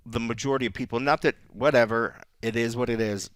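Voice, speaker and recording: This podcast co-host is a man with a mid-range, clear, resonant voice and fairly even intonation, and he talks fast. The recording has no echo, and his casual chat comes in rambling sentences broken up by frequent laughter.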